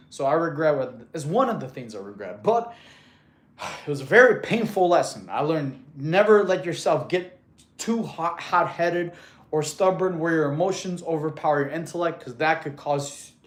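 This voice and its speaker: Upbeat guy streaming, fitness coach, slightly high voice, roomy echo. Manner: upbeat, laughs easily, reads chat aloud. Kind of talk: casual livestream chat.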